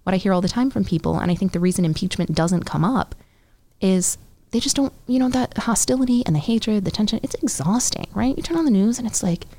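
A woman's voice: medium pitch, lively intonation, brisk, mellow. A woman running for Congress, talking earnestly in an interview, laying out points in lists and often checking in with "right?". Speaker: congressional candidate. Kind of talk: political interview.

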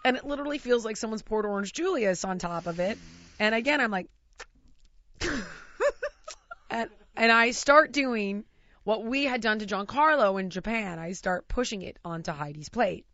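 A woman tells a story in a loose, chatty way, lively and often breaking into laughter as she acts out the voices of others. Her pitch sits in an ordinary middle range. The sound is dry and slightly muffled, like a lo-fi recording. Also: moderate pace, no room sound. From United States. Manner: animated, laughing storyteller who mimics voices. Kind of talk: casual anecdote.

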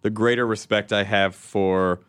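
A man's voice: lowish voice, fairly even intonation, unhurried, a bit bright, smooth. A man hosting a casual podcast chat, rambling and restarting as he builds his points. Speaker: podcast host.

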